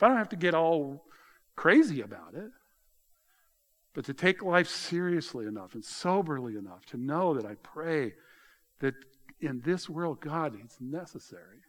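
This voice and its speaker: A man preaching a sermon in a conversational way, explaining words and slowing down to drop softly on key phrases. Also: a little high. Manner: conversational, explains word meanings, tells people to underline; slows for emphasis, drops soft on key phrases. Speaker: pastor.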